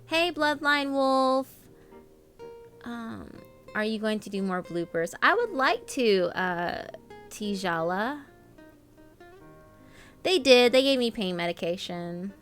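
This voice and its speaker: A young woman streamer chats casually on a live stream, reading out viewer names amid plenty of ums and laughs. Her mid-range voice is animated but slow, with long pauses and faint music in the background.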